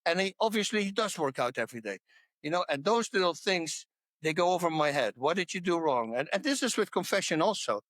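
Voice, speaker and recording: A man in his sixties, a podcast guest, telling stories in an animated, emphatic way. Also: sits high, a little fast, no echo. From Netherlands. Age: 60s. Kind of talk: casual chat.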